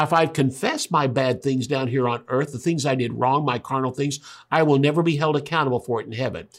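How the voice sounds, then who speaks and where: Male Bible teacher with a husky voice, chatty and emphatic. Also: mid-range voice. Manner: retells scripture conversationally with emphatic asides. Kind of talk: sermon.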